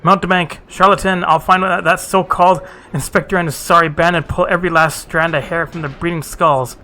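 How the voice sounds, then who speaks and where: A man's voice: medium pitch, steady tone, a little fast, pushed and bright, lightly acted. A man voicing a vain, balding man who blusters and rants bitterly. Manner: blustering, ranting.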